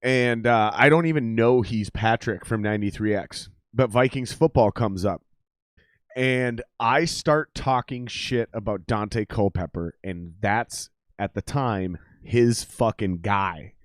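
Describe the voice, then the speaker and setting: A man's voice: lowish voice, a little slow, dry recording. Male host, casual and profane, laughs a lot, dry close mic. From Minnesota. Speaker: podcast host. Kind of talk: casual live-stream banter.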